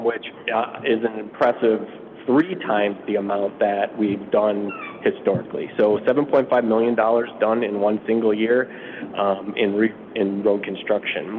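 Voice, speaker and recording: A man with a raspy, allergy-hoarse voice, presenting a public works update at a council retreat in an informal way, with many fillers. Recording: phone-like, muffled sound with faint rumble.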